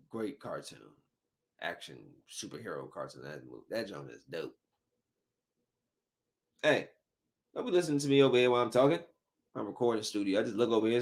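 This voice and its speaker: A man hosting a solo podcast, chatting loosely and acting out quotes in a studio. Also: lowish voice. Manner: loose and animated, acts out quotes. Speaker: podcast host. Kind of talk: casual solo podcast chat. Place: home recording studio. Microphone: studio mic.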